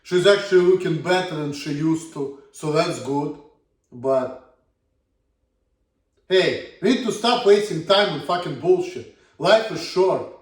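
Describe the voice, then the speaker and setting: Here a vlogger with a Russian accent, around his thirties, delivers an unhurried casual monologue, ranting bluntly and cursing often. His pitch runs on the high side, and the room echoes with the mic set far off.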